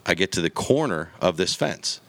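A man's voice: low voice, big pitch swings, moderate pace, gravelly, fairly bright tone. A man on a podcast telling a long story in casual chat, acting out the quotes and the gunshots as he goes.

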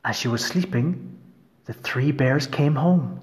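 A man reading a fairy tale aloud in an expressive, storytelling manner. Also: mid-range voice, slow, a little hiss or hum.

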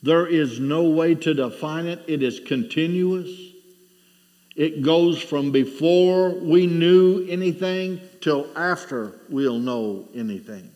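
A man's voice: on the high side, slow, darkish tone, in a large hall, lo-fi sound. A middle-aged man preaching a sermon, asking rhetorical questions and telling a story with rising and falling intensity.

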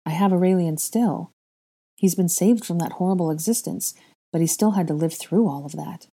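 A sorrowful young woman in a storybook reading, as the narrator puts her on, hesitant and full of sighs. The voice is breathy and dark, with a low, mellow tone. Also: normal speed. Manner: doleful, sighing, hesitant. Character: young woman, grieving and self-doubting.

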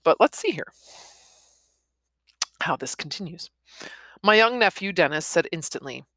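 A woman's voice: low-pitched, expressive, normal speed, pushed and bright, dry recording. A woman reading a novel aloud and stopping for chatty, laughing comments. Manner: chatty, laughs between passages. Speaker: reader.

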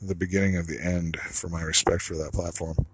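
A man's voice: low voice, little pitch movement, brisk, slightly rough, dry recording, rough recording. A man delivering a rambling solo monologue, blunt and profane, trailing off into asides.

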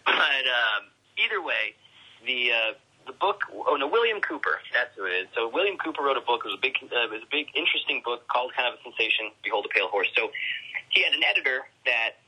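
A man's voice: mid-range voice, lively intonation, fast talker, pushed and bright, breathy edge, rough recording. A man, a voice actor guest, chatting casually and animatedly about his work, laughing often. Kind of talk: casual interview chat.

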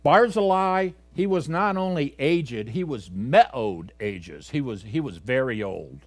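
Taking it slowly with lively intonation, this pastor alternates between booming exhortation and hushed, low asides as he preaches to his congregation. His delivery is conversational, full of fillers and self-corrections, and the recording is dry.

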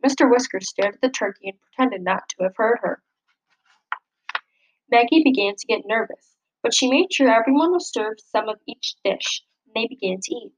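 A woman's voice: on the high side, expressive, normal speed, rough recording. Woman reading a picture book aloud. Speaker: storybook reader.

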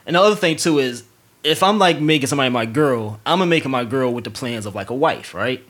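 A man in his forties hosting a casual podcast chat, animated and quick to repeat himself when worked up. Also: medium pitch. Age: 40s. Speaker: podcast host.

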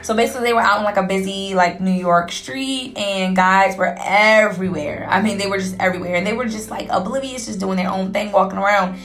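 A young adult woman hosting her own show, candidly recounting a personal story in a casual, animated way with lots of fillers. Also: medium pitch, fairly quick, hardly any pauses. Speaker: podcast host.

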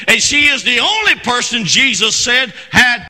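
A man preaches to his congregation with a piercingly bright, tense voice, urging them to call back and lacing his lines with "uh" and restarts. He swings between shouted passages and hushed asides. A long church reverb trails every phrase. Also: very high voice, sing-song, moderate pace, hardly any pauses. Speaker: senior pastor. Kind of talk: sermon. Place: church sanctuary.

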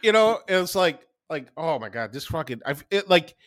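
A man co-hosting a podcast in casual chat, excitable and swearing constantly. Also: a little high, moderate pace, dry recording, clean studio sound. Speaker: podcast co-host.

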